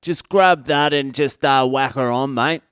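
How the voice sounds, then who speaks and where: Man doing a laid-back crew boss, lower and softer, dry sound. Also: a little slow, clean tone, no echo, close to an everyday voice. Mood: offhand. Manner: offhand, matter-of-fact.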